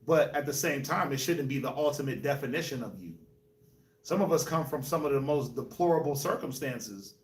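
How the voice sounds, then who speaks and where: A man from New York, Colorado and Jamaica, hosting a casual group discussion, telling animated stories with laughs. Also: medium pitch, a little fast. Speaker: host. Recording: echoey room, mic at a distance.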